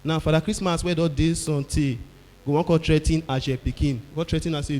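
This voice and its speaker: A male stand-up comedian with a Nigerian Pidgin accent tells stories loudly and acts out the people in them. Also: on the high side, brisk, long reverb tail. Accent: Nigerian Pidgin English. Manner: loud animated storytelling, acting out characters.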